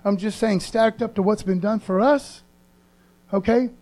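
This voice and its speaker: A man's voice: high voice, measured pace, a little mellow. A man preaching a sermon as pastor in a casual, earnest way, using slang and repeating phrases for emphasis.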